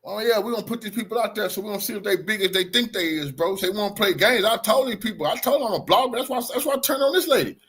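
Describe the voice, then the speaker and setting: Husky-voiced man boasting on a livestream. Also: high voice, lively intonation, rapid-fire, few pauses, a bit bright. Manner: rambling, profane, boastful. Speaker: streamer and blogger. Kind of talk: casual livestream commentary.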